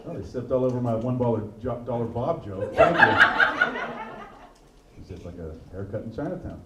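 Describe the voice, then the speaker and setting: A man's voice: medium pitch, normal speed, lo-fi sound. A man headlining a stand-up comedy show, bantering with the audience in a dry, self-deprecating way. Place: comedy venue with live audience. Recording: echoey room, distant mic, background noise.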